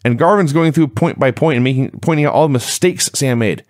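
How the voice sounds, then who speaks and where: A man's voice: a little high, a little fast, darkish tone, dry recording, studio quality. A man co-hosting a casual review podcast, recapping events in an easygoing way and laughing often. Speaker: podcast co-host.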